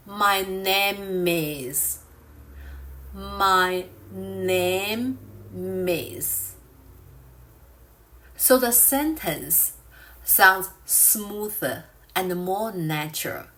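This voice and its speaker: A woman teaching a beginner English lesson, speaking slowly and clearly with carefully enunciated, drawn-out example phrases. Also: medium pitch, a bit bright. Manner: drawn-out model phrases for shadowing practice. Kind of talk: slow beginner language lesson.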